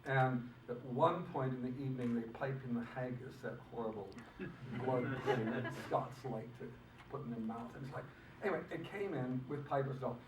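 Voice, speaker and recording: An older film director in a press interview, talking haltingly and restarting often as he searches for words. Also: medium pitch. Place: convention room. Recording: echoey room, mic far off, faint noise.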